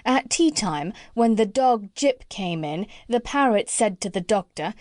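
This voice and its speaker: A woman narrating a children's storybook audiobook in an expressive reading. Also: medium pitch, unhurried, hardly any pauses, no echo, studio quality.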